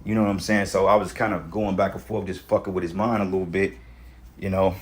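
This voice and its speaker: A religious vlogger rants casually about religion and society, blunt, profane, and rambling, packed with street slang and constant "you know what I'm saying." His low voice stays level while he talks fast.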